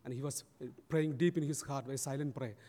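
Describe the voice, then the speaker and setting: A man's voice: medium pitch, fairly even intonation, fairly quick, warm tone. A man preaching a sermon, telling a story and acting out its people. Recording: long church reverb.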